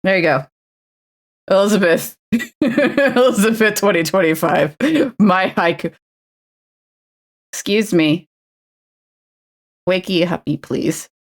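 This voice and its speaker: A woman chats casually on a stream while she paints a miniature, cooing playful baby talk at her pet. Her voice sits a little low, and she talks slowly and without hurry. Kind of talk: casual chat while crafting.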